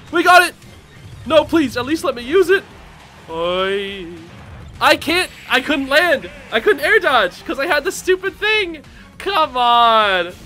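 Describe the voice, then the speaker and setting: Excitable young man, game commentary. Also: very high voice. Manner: excitable, laughing, loud outbursts. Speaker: gaming channel host. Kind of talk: casual live game commentary. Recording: game music behind.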